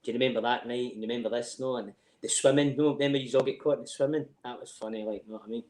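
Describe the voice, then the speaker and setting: A mid-range voice delivered very fast belongs to a middle-aged Scottish podcast guest who tells animated stories in casual chat. He laughs frequently, swears freely, and the sound is roomy.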